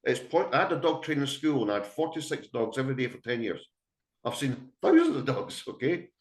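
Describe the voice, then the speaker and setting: A man's voice: medium pitch, sing-song, brisk. A middle-aged man, a dog trainer giving a blunt, emphatic webinar talk full of anecdotes to dog owners. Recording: echoey room.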